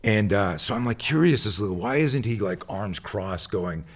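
A man's voice: lowish voice, expressive, moderate pace, hardly any pauses. A man who works as a tactical instructor, telling a rambling story in casual conversation and acting out the people in it. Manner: rambling, goes off on tangents; acts out the people in his stories.

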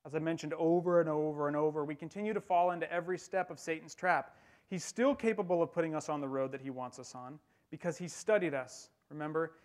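A man with a slightly higher-than-usual voice preaches to his church. He talks in a loose, conversational way and slips in dry jokes between his points. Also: fast talker, a little mellow. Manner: conversational, wry humor while preaching. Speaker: pastor. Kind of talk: sermon.

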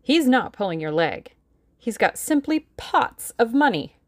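A woman voicing an eager, excitable young woman who speaks quickly and brightly. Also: a little high, dry recording, clean studio sound, pitched above the performer's own voice.

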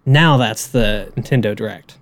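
A man's voice: lowish voice, normal speed. Rambling young man in casual chat. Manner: rambling, many restarts and fillers. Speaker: podcast co-host.

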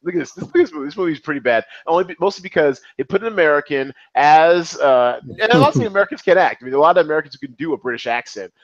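A man's voice: a little high, racing, hardly any pauses, no room sound, dull audio. A man in his forties hosting a podcast, chatting casually about movies, rambling with restarts and swearing. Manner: animated, profane, rambling with restarts. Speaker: podcast host.

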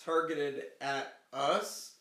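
A man's voice: fairly high pitch, very slow, sharp tone, roomy sound. A man co-hosting a casual chat podcast, making laid-back remarks. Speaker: podcast co-host.

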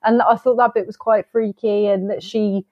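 A woman's voice: mid-range voice, normal speed, no room sound, highs cut off. Chatty woman, dry close sound. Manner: animated, chatty, acts out quoted lines. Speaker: film review podcast co-host. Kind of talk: casual chat.

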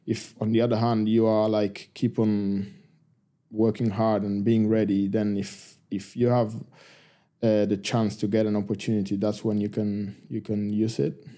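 A man, a rugby player telling stories as a guest in a casual interview, halting and full of restarts. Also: lowish voice. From Argentina. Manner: halting, many restarts and fillers, relaxed.

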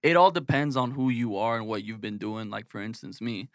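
A man's voice: fairly low pitch, lively intonation, fairly quick, no echo, clean studio sound. A man co-hosting a podcast in casual chat, joking and loose, now and then reading ad copy. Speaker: podcast co-host.

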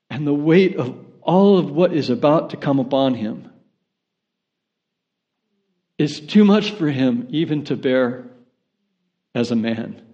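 A man's voice: fairly high pitch, dark tone, lo-fi sound. A man preaching a sermon in an earnest manner that builds to impassioned intensity. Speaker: pastor.

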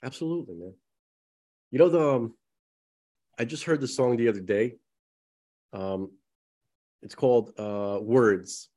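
A man's voice: medium pitch, measured pace, long pauses, a little mellow. A man co-hosting a casual podcast chat, rambling and emphatic, with a slight lisp, talking to the listeners as folks. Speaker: podcast co-host.

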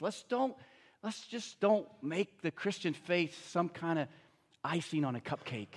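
A man preaching in a church hall, his voice sitting high and trailing off in a long reverb. He moves between reading scripture aloud and chatting directly with the congregation, often asking them whether they follow. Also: expressive, unhurried. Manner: conversational, addresses congregation with tag questions.

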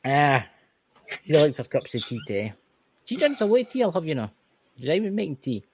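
A man's voice: fairly high pitch, sing-song, a little fast, darkish tone, a little hiss or hum. A Scottish man co-hosting a casual podcast, joking and rambling with plenty of swearing. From Scotland. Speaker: co-host.

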